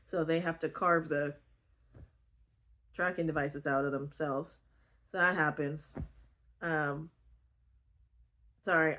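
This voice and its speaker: A woman casually retelling a book, animated and indignant, laughing easily. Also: sits low. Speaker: book vlogger.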